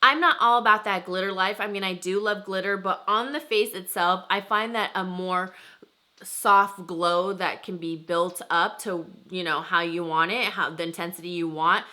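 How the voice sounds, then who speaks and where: A woman's voice: lowish voice, normal speed, sharp tone. A young woman reviewing makeup to camera in a chatty, enthusiastic way. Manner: chatty and enthusiastic, lots of "like" and "freaking". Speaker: beauty vlogger. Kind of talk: casual product review to camera.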